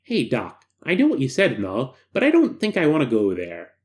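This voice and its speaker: A man's voice: lively intonation, normal speed. A man doing a whiny, nasal test subject. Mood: uneasy. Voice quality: high and nasal, a bit froggy. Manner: pleading, reluctant. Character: nervous male test subject, wary, whiny.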